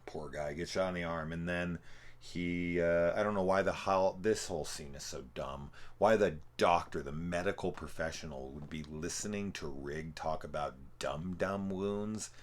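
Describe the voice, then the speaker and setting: A man's voice: deep voice, moderate pace. A young man giving a rambling, profane, casual review of a film, full of fillers. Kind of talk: casual movie review commentary.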